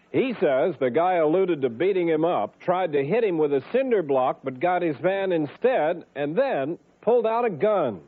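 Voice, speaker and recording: A man with a high, swooping voice reads the case introduction for a courtroom show in a theatrical way. The sound is thin and tinny, like an old broadcast. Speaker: show host.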